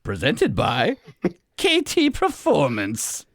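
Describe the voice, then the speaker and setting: A man putting on a poor Australian announcer voice, delivering it slowly and haltingly with giggles. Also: fairly high pitch, huge pitch swings, fairly bright tone, dry recording, studio quality, heavily acted. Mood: self-conscious.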